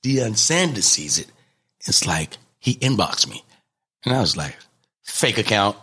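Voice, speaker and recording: A man, a comedian, telling animated stories in an interview, acting out the people he quotes. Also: lowish voice, a little slow, breathy edge. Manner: lively, acts out quotes in different voices. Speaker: comedian and guest.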